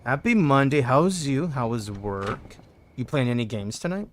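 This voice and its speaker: A man streaming a game from a home setup, talking to chat into a desk microphone in a casual, joking way. His voice swings widely in pitch as he banters, hums and reacts. A faint hiss sits under the recording. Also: normal speed. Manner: chatty and joking, greets chat, hums and yells when excited.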